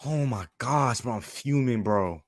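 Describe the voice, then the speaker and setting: A young man in a furious live-stream rant, calling everyone "bro" as he vents. His voice sits at an ordinary pitch and comes through a close microphone with no room sound at all. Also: unhurried, no echo. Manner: heated, repetitive, says "bro" constantly. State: fuming. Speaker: fan channel host.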